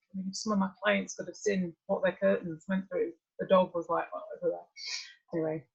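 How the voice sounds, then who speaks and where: A woman's voice: medium pitch, husky. A middle-aged woman from northern England telling a personal story to a group, candid and conversational with drifting asides. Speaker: workshop speaker. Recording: muffled lo-fi recording.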